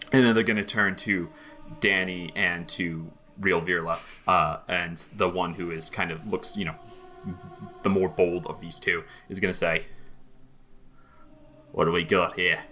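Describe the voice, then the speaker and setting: A man's voice: sits low, sharp tone. A man running a tabletop game as game master, narrating loosely with lots of fillers and restarts.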